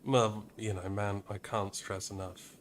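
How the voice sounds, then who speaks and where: A man's voice: lowish voice, flat delivery, unhurried, background noise. A British man co-hosting a game stream, chatting in an easygoing, agreeable way. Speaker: streamer co-host. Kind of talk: casual chat.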